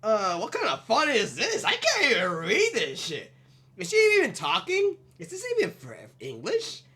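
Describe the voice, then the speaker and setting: A woman's voice: fairly high pitch, moderate pace, slightly rough. A woman doing casual let's play commentary on a game, joking around and swearing freely. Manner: animated, jokey, swears freely. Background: game music.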